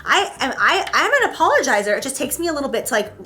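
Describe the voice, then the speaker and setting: Woman, high voice, animated, storytelling, casual chat host. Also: quick pace, soft background music. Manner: animated, acts out voices and stories.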